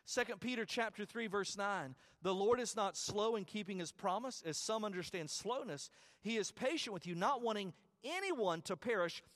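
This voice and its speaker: A man's voice: high voice, a bit bright. A man preaching a sermon as pastor, emphatic and repetitive at the peaks, chatty with stumbles in the asides. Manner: emphatic preaching with repeated phrases and rising calls; conversational asides with stumbles and restarts.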